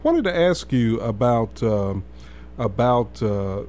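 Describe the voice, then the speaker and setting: A man hosts a talk show in an ordinary mid-range voice. He asks his guest questions haltingly, with restarts and pauses. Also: medium pitch, big pitch swings, darkish tone, a little hiss or hum. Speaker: radio show host. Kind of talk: interviewing a guest.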